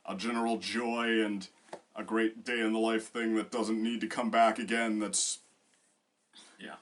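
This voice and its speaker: A man's voice: on the low side, level tone, measured pace. A man co-hosting a casual discussion, rambling with many fillers and restarts. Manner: bursts into loud acted quotes. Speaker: co-host.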